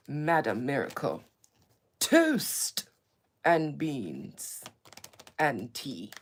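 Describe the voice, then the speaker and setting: A woman's voice: low voice, exaggerated voice. A woman voicing a pompous, old-fashioned royal who speaks in archaic, mock-solemn tones. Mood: grand. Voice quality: archaic, theatrical. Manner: grand, ominous, mock-solemn.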